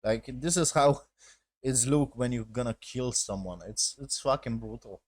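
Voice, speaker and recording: A man's voice: mid-range voice, normal speed, dry recording. A man giving a casual, rambling recap of a show episode in non-native English with broken grammar. He swears a lot and keeps checking in with "basically" and "yes?". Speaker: episode reviewer.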